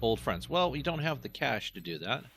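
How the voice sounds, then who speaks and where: Chatty man streaming a game, bright voice. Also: medium pitch, big pitch swings, normal speed, vocal fry, slight background noise. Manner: chatty, talks to himself while playing. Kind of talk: casual gameplay commentary.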